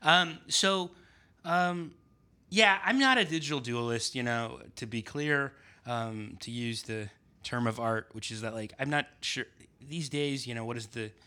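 A man talking casually in a conversation, pausing often with fillers and restarts. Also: mid-range voice, pushed and bright, smooth. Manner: halting, many fillers and restarts. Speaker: writer and podcast guest.

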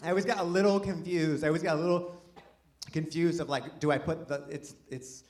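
A man doing a rambling, self-deprecating stand-up comedy set with excited outbursts, before a live audience. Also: on the high side, brisk, slight background noise.

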